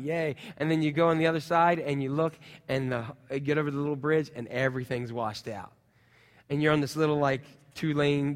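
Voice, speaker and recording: A middle-aged man preaching a sermon as pastor, telling personal stories in a lively way with sound effects. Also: fairly high pitch, in a large hall.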